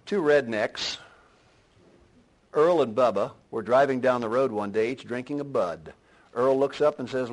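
A man preaching a sermon, swelling to loud emphatic lines and then dropping to a low, quiet delivery. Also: a little slow, poor audio. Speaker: pastor.

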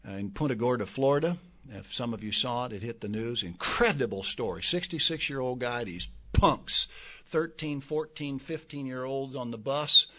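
An older man preaching a sermon to his congregation, moving between quiet, reflective asides and loud, emphatic outbursts, often repeating words as he builds a point. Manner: impassioned, swings from low asides to loud emphatic peaks. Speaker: pastor.

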